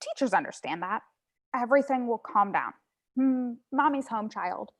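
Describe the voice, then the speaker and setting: A woman's voice: fairly high pitch, animated, normal speed. A woman playing an anxious mother and teacher in her forties in a staged play reading, speaking soothingly.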